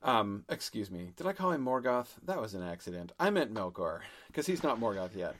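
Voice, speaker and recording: A man's voice: on the low side, sing-song, a little fast, a bit bright. A man co-hosting a casual discussion, thinking aloud in long rambling runs full of fillers and restarts. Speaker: podcast co-host.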